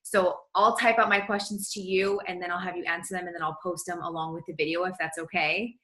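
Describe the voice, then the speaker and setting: A woman hosting a motivational team coaching call, gushing and energetic in casual chat. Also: fairly low pitch, fairly quick, reverberant, low-quality recording.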